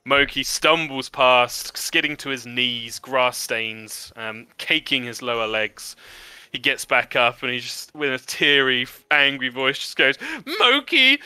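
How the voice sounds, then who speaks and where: Male game master, super bright clear voice, vivid descriptions, lots of ums. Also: medium pitch, no echo. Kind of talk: narrating a tabletop game.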